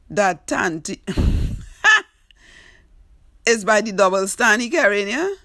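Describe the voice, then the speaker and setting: Slow-talking Trinidadian woman storyteller. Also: medium pitch, fairly bright tone, no echo, studio quality. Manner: teasing, exclaiming, talks straight to the character. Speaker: storyteller host. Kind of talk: comic storytelling commentary.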